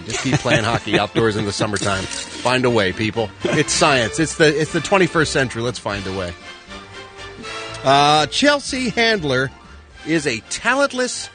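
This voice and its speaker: A man's voice: medium pitch, lively intonation, fairly quick, music in the background. A man reading the entertainment news on a morning radio show, opinionated and sarcastic.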